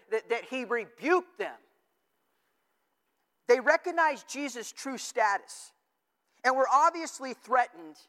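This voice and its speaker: A man's voice: very high voice, fairly bright tone. A man preaching a sermon as pastor, often repeating words as he builds a point and asking the congregation questions. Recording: long hall reverb.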